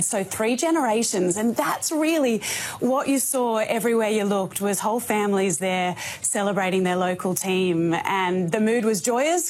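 A woman's voice: medium pitch, a little mellow. Woman describing what she saw. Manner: conversational, descriptive recollection. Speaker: sports presenter recounting an event. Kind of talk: eyewitness account.

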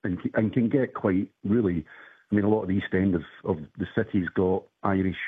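A man with a Glaswegian accent, calling in to a radio talk show and chatting in a measured, thoughtful way. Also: sits low, fairly even intonation, husky. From Scotland. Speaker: caller. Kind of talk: phone-in chat. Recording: phone line.

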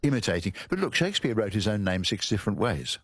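A man's voice: lowish voice, very animated, fast talker, a bit bright, slightly rough, no room sound, studio quality. A man who is a language expert, guest on a radio talk show, explaining spelling and pronunciation in a lecturing way and spelling words out letter by letter. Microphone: studio microphone.

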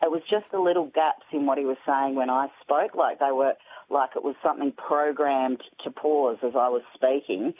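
A woman's voice: rumbling low, normal speed. An Australian woman chatting as a radio guest, telling her story freely. She comes through a thin, tinny phone line with faint hiss. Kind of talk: casual chat.

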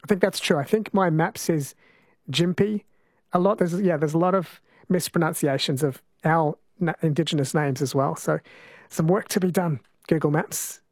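A man hosting a radio talk show, chatting in a relaxed, thinking-aloud way. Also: fairly high pitch, moderate pace, dry recording, clean studio sound. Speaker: radio host.

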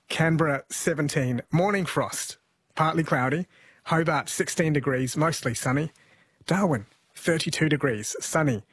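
Male radio host, slightly husky, higher-pitched, dry studio sound, chatty. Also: no echo. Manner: chatty, reads listener texts aloud. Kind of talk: radio talkback and quiz.

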